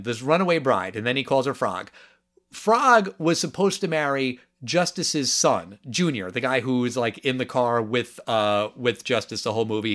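Animated man co-hosting a movie podcast. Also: mid-range voice. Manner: animated, incredulous, quick asides. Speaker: podcast co-host. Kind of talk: casual movie review chat.

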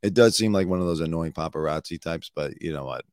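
A man hosting a casual comedy news show, talking bluntly in a hoarse voice, swearing and drifting into asides. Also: rumbling low, fast, no echo, clean studio sound. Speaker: show host and former celebrity news producer.

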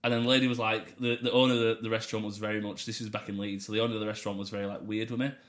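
A man's voice: lowish voice, rapid-fire. A young man, telling stories in casual podcast chat and swearing freely. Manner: animated storyteller, swears freely. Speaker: podcast host.

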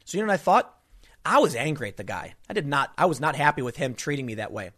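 A man's voice: medium pitch, very animated, fast, a bit bright. A man giving an emphatic, indignant opinion monologue, telling stories with frequent restarts. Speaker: political commentator.

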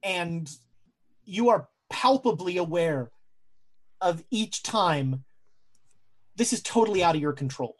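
A woman narrating a horror tabletop game as game master, slow and dramatic, with halting fillers as she searches for words. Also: on the low side, expressive.

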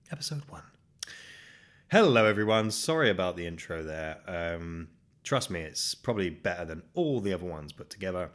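A man's voice: sits low, animated, moderate pace, a bit bright. A man hosting his own solo podcast into a microphone, talking in a rambling, self-deprecating way. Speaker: podcast host.

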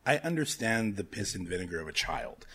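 Husky, low-voiced man telling stories. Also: brisk. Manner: profane, animated storyteller who mimics people. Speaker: guest. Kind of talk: casual podcast chat.

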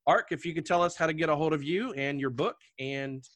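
A man's voice: a little high, a little fast, a bit bright, dry recording. A man hosting a podcast, chatting casually with guests and laughing often. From Delaware. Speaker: podcast host.

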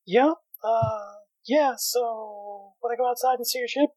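A man's voice: very high voice, a little slow, darkish tone. A man running a tabletop game as game master, loose and laughing, with lots of swearing.

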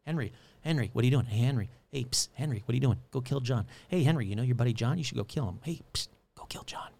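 A man voicing the sinister inner voice in a killer's head, low, hushed, coaxing and insistent. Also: rapid-fire, creaky, close to an everyday voice. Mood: taunting.

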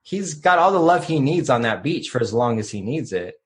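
A man with a mid-pitched voice tells a story on a podcast. His delivery is relaxed and reflective, loose and full of casual fillers. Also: fairly quick. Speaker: podcast co-host.

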